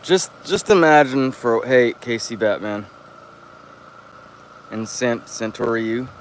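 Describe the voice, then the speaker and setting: A vlogger in his thirties walks around an open lot outdoors, rambling casually and profanely as he tells chatty stories. His voice is mid-range and slow-paced, and there's a little hiss or hum in the audio.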